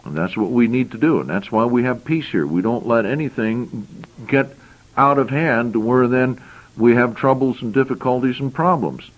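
A man preaching a sermon at a middle pitch, reading scripture verses aloud and explaining each one. He repeats his phrases as he goes. The sound is dull and lo-fi, like an old radio broadcast. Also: moderate pace.

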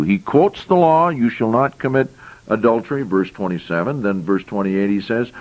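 A man's voice: mid-range voice, rough recording. A man preaching a sermon, reading scripture verses aloud and explaining them, with frequent repeated phrases.

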